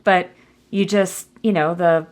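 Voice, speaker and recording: A woman hosting a podcast interview, chatty and quick to laugh. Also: on the low side, steady tone. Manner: chatty, laughs often, many fillers. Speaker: podcast host.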